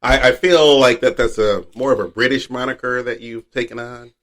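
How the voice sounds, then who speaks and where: An easygoing man hosts a casual podcast chat, often murmuring along with a steady mid-range voice. He talks in an unhurried, offhand way. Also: medium pitch. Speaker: podcast host.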